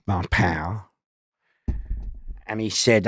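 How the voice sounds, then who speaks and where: A man tells a story in loose, casual chat, close to the mic in a dry space. He breaks into loud laughs at his own tale. His voice sits at an ordinary pitch with a rough edge. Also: lively intonation, normal speed, no echo. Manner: gravelly, laughs loudly at own stories. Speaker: guest storyteller. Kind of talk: casual anecdote.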